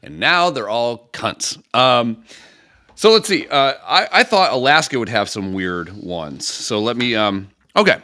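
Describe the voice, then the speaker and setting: A man's voice: mid-range voice, sing-song, unhurried, pushed and bright, dry recording, clean studio sound. A man co-hosting a podcast, joking crudely and reading out trivia questions to his friend. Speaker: podcast co-host. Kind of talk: crude comedic banter.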